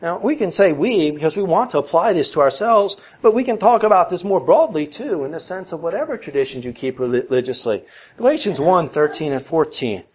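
Earnest preacher, mixed Northern-Southern American accent. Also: male voice, fairly high pitch, animated, a little fast, darkish tone, husky, dull audio. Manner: earnest, questioning, builds to emphatic peaks. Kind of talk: sermon. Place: church before a congregation.

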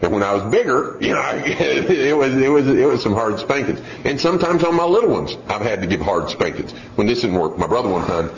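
Animated male preacher, roomy hall. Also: mid-range voice, a little fast, hardly any pauses. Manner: animated storytelling with acted-out voices. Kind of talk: sermon. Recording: dull roomy hall sound, faint noise.

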